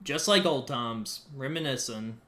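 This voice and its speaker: This man's mid-range voice moves at a measured pace as he chats informally with his stream viewers, alone in a small room. He's animated, drops casual swears, speaks to chat, and wanders across topics.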